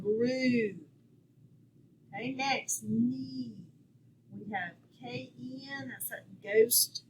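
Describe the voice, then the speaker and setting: A woman teaching a phonics lesson, walking through a worksheet and sounding out each word clearly and patiently. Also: on the high side, noisy background. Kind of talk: classroom lesson walkthrough.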